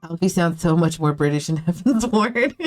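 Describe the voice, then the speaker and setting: Low-voiced woman streaming a game. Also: sing-song, moderate pace, darkish tone, soft background music. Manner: chatty, reacts aloud, swears, laughs often. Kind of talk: casual live-stream commentary.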